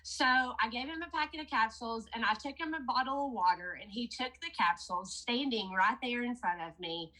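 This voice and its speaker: A woman's voice: on the high side, a little fast, few pauses, pushed and bright, poor audio. A woman promoting a product, telling a chatty story to her sales team in a casual training talk. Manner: chatty storytelling, addressing listeners as "you guys".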